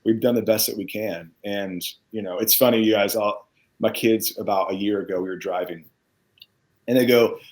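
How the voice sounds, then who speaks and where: Earnest low-voiced man, heartfelt. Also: moderate pace, a little mellow, rough recording. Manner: heartfelt, earnest, gets choked up. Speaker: guest musician. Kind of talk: casual interview chat.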